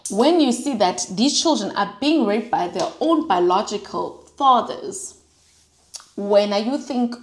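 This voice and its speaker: A woman's voice: medium pitch, darkish tone. South African woman, young adult, earnest vlogger voice, repeats lines for emphasis, roomy echo. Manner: mixes in Zulu and Sotho phrases. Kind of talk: heartfelt monologue while doing makeup.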